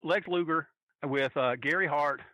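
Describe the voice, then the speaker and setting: A man on a podcast telling a long, animated, profane story with plenty of restarts. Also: fairly high pitch, measured pace, no echo, low-quality recording. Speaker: podcast guest telling a wrestling fan story. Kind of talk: casual storytelling.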